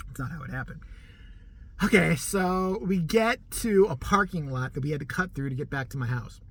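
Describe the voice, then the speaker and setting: A middle-aged man telling a story casually to the camera, animated and profane, laughing often as he goes. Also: on the high side, normal speed. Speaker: vlogger.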